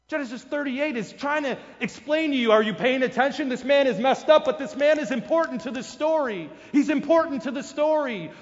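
Pastor, male, high voice, emphatic sermon delivery, dull recording with a long hall echo. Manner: emphatic preaching, rising to loud rhetorical questions.

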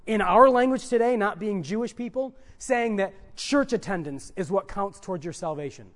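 Male preacher, high voice, emphatic sermon delivery with loud peaks and soft drops. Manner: emphatic, rises loud on key points, then drops to soft asides.

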